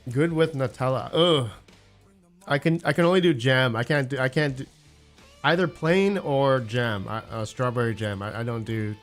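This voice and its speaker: A man's voice: mid-range voice, expressive, normal speed, faint music behind. A man casually chatting on a livestream about crypto mining, rambling and searching for words, with frequent fillers and answers to chat messages. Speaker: crypto mining channel host.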